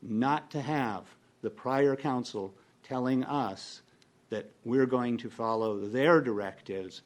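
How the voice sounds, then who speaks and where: A man speaks as an elected council member in a council chamber. His voice sits in a middle pitch, and he sounds firm and deliberate, pressing his point with steady insistence. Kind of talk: council meeting statement.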